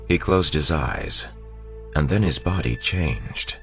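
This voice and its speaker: A man narrating an audiobook in a steady storytelling manner, on a dull lo-fi recording with faint music. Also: a bass voice, slow. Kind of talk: scripted narration.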